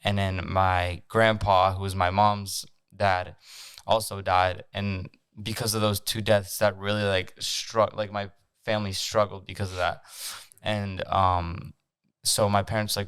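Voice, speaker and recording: A man's voice: deep voice, little pitch movement, unhurried, fairly bright tone, clear, resonant tone, dry recording. A young man from France hosting a casual faith podcast, earnest and using "like" a lot. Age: young adult. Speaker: podcast host. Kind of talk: casual chat.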